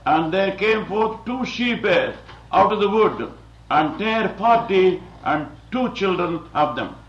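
A man's voice: high-pitched, animated, slow pace, slight background noise. A man from India giving a digressive, lecture-style sermon as a visiting Bible teacher, often chuckling and saying "you see". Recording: dull, roomy, distant old recording.

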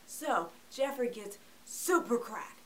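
Casual vlogger, woman, joking movie reviewer with a slightly high voice. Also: lively intonation, takes it slowly, very noisy. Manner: chatty and joking, acts out characters.

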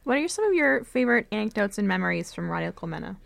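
A young woman hosts a college radio interview, asking questions in a relaxed, friendly way. Her voice carries a gravelly fry, and the room sound is dry and close. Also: mid-range voice, quick pace, no room sound.

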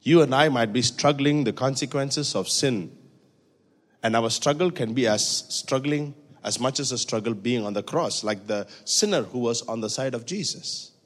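A man preaching a sermon in a church, swinging from hushed, intimate passages to loud, high-pitched exhortation. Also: moderate pace. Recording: reverberant church hall.

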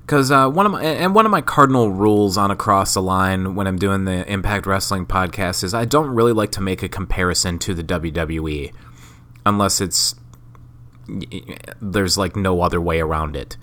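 A man's voice: deep voice, moderate pace, a bit bright. A sick man hosting a solo podcast, rambling in a profane, self-mocking way. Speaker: podcast host. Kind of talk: casual solo podcast monologue.

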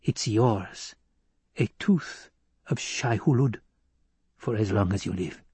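Brief: male narrator doing a grim desert housekeeper woman, husky, very slow, dry close sound. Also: a little mellow, no echo, heavily acted. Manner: slow, low and muttering. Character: fierce desert housekeeper woman, secretive and devout. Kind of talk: audiobook character voice.

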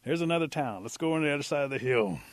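A man voicing a sly old male rabbit trickster in a folk tale, talking in a brisk, scheming, persuasive way. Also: on the high side, lively intonation, no echo, pitched above the performer's own voice, lightly acted.

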